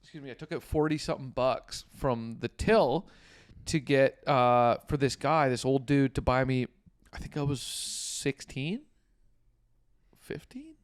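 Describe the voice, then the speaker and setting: A man's voice: mid-range voice, steady tone, a little slow, clear, resonant tone, no room sound, studio quality. A young Canadian man co-hosting a comedy podcast, telling rambling, profane stories in casual chat. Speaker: podcast co-host.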